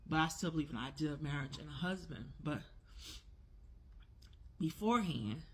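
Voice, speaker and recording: A woman's voice: low voice, lively intonation, moderate pace, a little hiss or hum. A woman in her forties speaking in a casual opinion vlog, talking emphatically and repeating her key words. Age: 40s. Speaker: vlogger.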